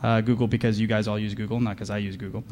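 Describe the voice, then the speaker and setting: Sarcastic guy doing a funny conference talk, deadpan jokes, chats w the crowd. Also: on the low side, racing. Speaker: conference speaker. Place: conference hall with audience.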